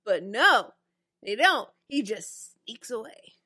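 A woman in casual chat, critiquing a show in an expressive, exasperated way. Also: fairly high pitch, takes it slowly, slightly rough. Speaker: podcast co-host.

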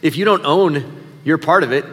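Middle-aged male pastor, slightly high voice, relaxed storytelling sermon, long hall reverb. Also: normal speed. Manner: storytelling, conversational and self-deprecating.

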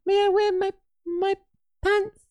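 Comic bit: male host playing a falsetto French woman, exaggerated mock-French accent. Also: level tone, unhurried, darkish tone, no room sound. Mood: coy. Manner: squeaky exaggerated falsetto, playful. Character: prim French woman asking permission, high falsetto.

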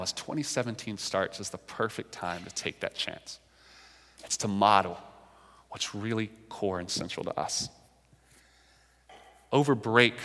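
A man preaching to his congregation as pastor, earnest and animated. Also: medium pitch. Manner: animated, earnest church address. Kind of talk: sermon. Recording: long hall reverb.

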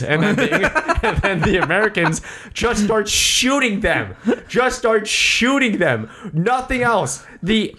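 A young man on a podcast rambles through a movie recap, swearing freely and piling up side notes. His voice sits a little high for a man. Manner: rambling, animated, profane, full of side notes. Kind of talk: casual chat.

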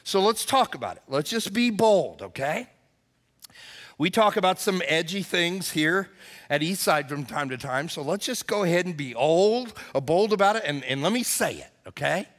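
A man's voice: high-pitched, lively intonation, moderate pace, a bit bright, in a large hall. A man preaching a conversational, emphatic sermon as pastor, acting out quotes in character voices.

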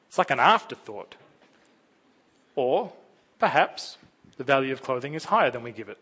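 Bright-voiced man preaching a chatty sermon. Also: medium pitch. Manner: chatty, storytelling, with sudden loud dramatic bursts. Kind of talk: conversational sermon.

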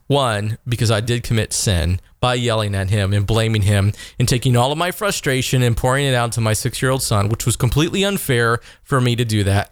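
A man in his thirties hosting a podcast, telling a self-deprecating story in a casual, animated way. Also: medium pitch, clean tone, no room sound, studio quality. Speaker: podcast host.

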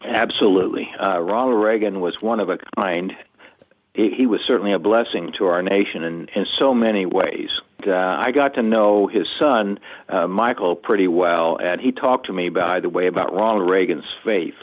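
A man's voice: sits low, normal speed. Older man, earnest, muffled lo-fi audio. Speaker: guest author. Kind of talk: conversational interview answers.

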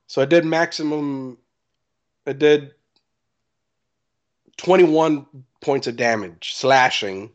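A man playing a tabletop game, calling out his rolls and actions in a relaxed, matter-of-fact way. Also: mid-range voice, slow, pauses often. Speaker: player. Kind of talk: casual tabletop play.

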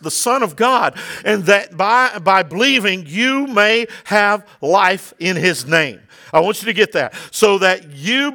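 A male pastor preaching a sermon emphatically, with loud bursts and rhetorical questions to the congregation. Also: sits high.

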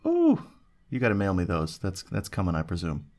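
A man with a low voice and a quick pace hosts a casual food review podcast. He's playful and theatrical, telling stories packed with puns.

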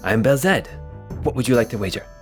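A man's voice: mid-range voice, lively intonation, a little fast, soft background music, lightly acted. A man voicing a courteous male lizard-man bookie in tabletop role-play.

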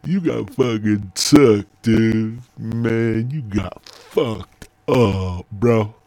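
A man putting on the voice of a male buddy who jeers at a divorced friend, husky and drawn out. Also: fairly low pitch, a little mellow, no room sound, voice pushed up. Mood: mocking. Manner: taunting, drawn-out.

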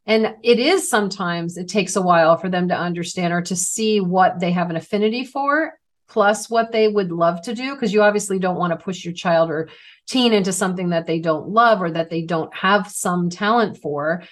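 A woman's voice: fairly low pitch, moderate pace. A woman hosting a podcast interview, enthusiastic, speaking in long explanatory turns. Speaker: podcast host. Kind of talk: casual interview.

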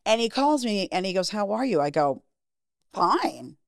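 A woman's voice: medium pitch, big pitch swings, moderate pace, dry recording, clean studio sound. A woman in her fifties, a guest in an interview, telling her story bluntly, swearing freely and acting out what people said.

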